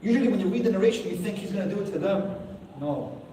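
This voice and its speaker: A man giving a Ramadan sermon as an expressive storyteller who lifts his voice for emphasis. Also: sits high, quick pace, a little hiss or hum. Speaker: Islamic lecturer. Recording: echoey hall, voice from far off.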